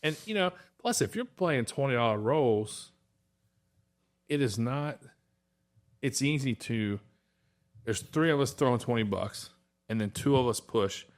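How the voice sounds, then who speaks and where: A man's voice: medium pitch, animated, unhurried, pauses often. A man hosting a casual tattoo talk show, telling stories with lots of swearing and acted-out quotes. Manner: profane storyteller, acts out quotes. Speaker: podcast host. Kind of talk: casual chat.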